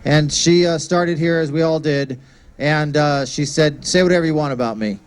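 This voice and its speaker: A man's voice: fairly high pitch, normal speed, clean tone. A man emceeing a comedy show, giving a rambling, hesitant stage introduction on a stage microphone. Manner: rambling, hesitant with many fillers.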